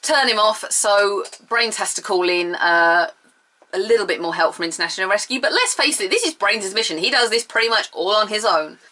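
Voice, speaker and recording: A young woman talks through a TV episode in a chatty, animated way. Her voice is bright and clear at a middle pitch. She tosses in sarcastic asides and bursts of mock outrage. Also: brisk, slight background noise. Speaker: TV episode reviewer. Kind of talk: casual video review.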